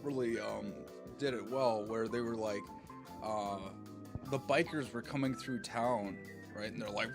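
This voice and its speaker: A young man co-hosting a casual podcast chat, rambling and stammering, often breaking into laughter and loud mock outbursts. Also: mid-range voice, steady tone, a little slow, music in the background. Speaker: podcast co-host.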